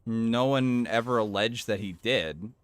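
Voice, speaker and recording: A man's voice: mid-range voice, unhurried, clear, resonant tone, no room sound, soft background music. A man doing casual reaction commentary, interrupting with crude, rambling and mocking remarks. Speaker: streamer commentator.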